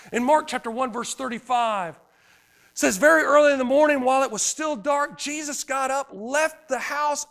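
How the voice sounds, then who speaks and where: A man preaching a sermon as pastor, swinging from loud emphatic lines to hushed quiet ones. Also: extremely high pitch, vocal fry.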